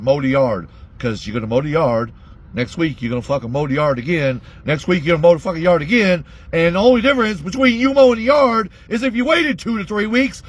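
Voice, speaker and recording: A man ranting bluntly to his audience in a heated monologue, swearing constantly. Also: fairly high pitch. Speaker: vlogger.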